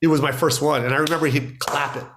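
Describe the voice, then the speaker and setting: A man's voice: on the high side, fast talker, very noisy. A man, a stand-up comedian, telling stories in a casual interview, acting out quotes and laughing often. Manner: excited storyteller, acts out quotes, laughs often. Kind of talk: animated storytelling in casual chat.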